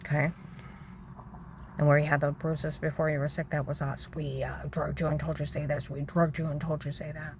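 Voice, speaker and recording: A woman telling a long, rambling, agitated story about her own grievances, repeating herself and acting out other people's shouting. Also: deep voice, little pitch movement, a little fast, a little hiss or hum, poor audio. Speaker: storyteller recounting personal grievances. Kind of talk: rambling personal monologue.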